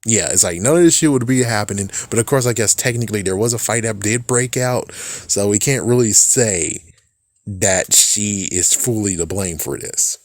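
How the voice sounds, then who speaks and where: A man's voice: on the low side, moderate pace, no echo, studio quality. Rambling, swearing man recapping a film. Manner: rambling, profane, laughs often. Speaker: movie reviewer. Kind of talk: casual spoiler recap.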